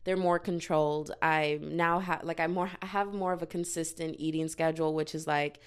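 A young woman speaks into her own mic in a loose confessional vlog. She rambles and leans on "like" constantly, then jumps in with sharp, self-mocking asides. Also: low-pitched, fairly even intonation, moderate pace, clear, resonant tone. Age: young adult. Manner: rambling, heavy use of "like", self-mocking outbursts. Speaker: vlogger. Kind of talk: casual confessional monologue. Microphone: own microphone.

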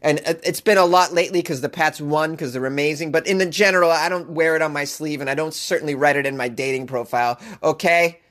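On a comic commentary podcast, a host with a slightly high voice rants through odd news items, sarcastic and animated, slipping into mock voices as he riffs. He talks fast with hardly any pauses.

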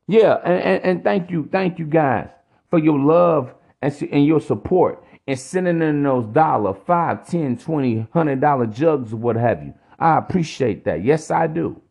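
Male podcast host, preachy profane rant, gravelly voice pitched a bit high. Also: lively intonation, a little slow, few pauses, a little mellow. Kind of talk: ranting podcast monologue.

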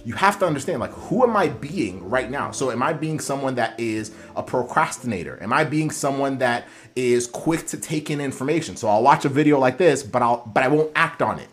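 A man's voice: mid-range voice, expressive, brisk, hardly any pauses. A man coaching students applying to physical therapy school, talking earnestly with many fillers and restarts. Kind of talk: motivational coaching talk.

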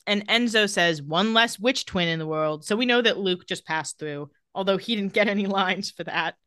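A woman's voice: medium pitch, moderate pace, sharp tone, dry recording, studio quality. A woman co-hosting a podcast, casually recapping an episode and reading lines with wry asides. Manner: reads out dialogue with wry asides. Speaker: podcast co-host.

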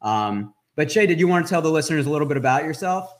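A man hosting a casual podcast, upbeat and jokey, reading segment intros quickly. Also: on the high side, expressive. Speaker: podcast host.

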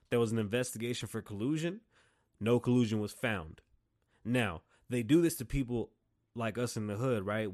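A man's voice: medium pitch, darkish tone. A man hosting a podcast, delivering a blunt, profane, opinionated monologue with heated bursts. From Las Vegas, Nevada. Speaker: podcast host.

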